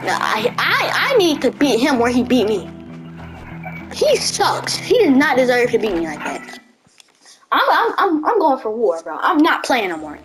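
A woman giving excitable, trash-talking commentary while playing a video game, often shouting at the screen. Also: high-pitched, normal speed, poor audio. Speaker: gaming video creator. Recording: loud game music underneath.

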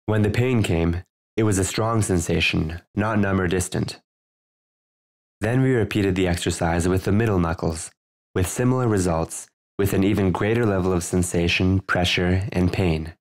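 Deep-voiced male author reading his own audiobook, measured and earnest. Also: darkish tone. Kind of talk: audiobook narration.

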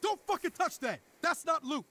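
A man's voice: high-pitched, sing-song, normal speed, fairly bright tone, heavily acted. An actor playing a nerdy young man who speaks in mock-archaic, theatrical game dialogue. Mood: alarmed.

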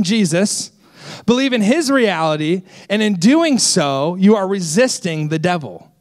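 A man in his twenties, a senior associate pastor, preaching a sermon with lively self-deprecating stories. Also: high voice, unhurried. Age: 20s. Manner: energetic, storytelling with self-deprecating humor.

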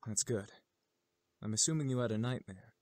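A man plays a courteous young incubus who talks in formal, gentle tones. The voice is dry and close, as in a game studio recording. He sounds even and kind. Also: lowish voice, moderate pace, no echo, lightly acted. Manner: formal, courteous, calls her miss. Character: polite gentle male incubus, courteous and calm.

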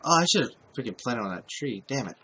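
A man's voice: mid-range voice, big pitch swings, brisk, heavy background noise. A man giving casual let's-play commentary, talking to himself while he plays and swearing often. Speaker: gameplay commentator.

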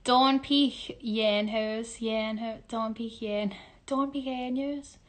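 A woman's voice: on the high side, fairly even intonation, measured pace. A woman with a Scouse accent, playing a word-guessing game into her phone at home, laughing and exclaiming as she goes. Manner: laughing, exclaiming, playful swearing. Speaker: musical theatre performer. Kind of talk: casual selfie video game.

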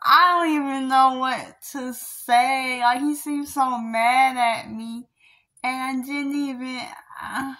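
Slow-talking upset young woman venting. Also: high-pitched, steady tone, sharp tone. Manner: rambling, upset, sighing, nervous laughs, trailing off. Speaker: vlogger. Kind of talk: emotional rant to camera.

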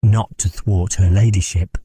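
A man's voice: deep voice, fairly even intonation, measured pace, warm tone, husky. A man reading an audiobook, voicing a fussy, deferential attorney. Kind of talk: audiobook character voice.

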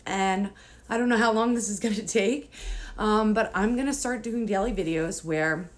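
A woman's voice: medium pitch, normal speed. A woman speaking to camera as a mom coach, nervous and emotional, close to tears with nervous laughs, then earnest and encouraging toward other moms. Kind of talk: personal vlog talking to camera.

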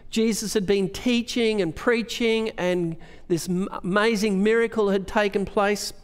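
A man's voice: high-pitched, fairly even intonation, measured pace, clean tone, in a large hall. A male pastor with an Australian accent preaching a sermon, asking earnest questions and reading scripture aloud. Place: church hall.

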